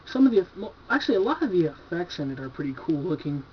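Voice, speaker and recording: Very animated and talking fast, a man with a fairly high voice rambles loosely through his horror movie shelf in a casual review of his purchases. He's laid-back, enthusiastic, cheerfully profane, and full of filler words. The recording sounds dull and lo-fi like an old home video, with a faint underlying hiss.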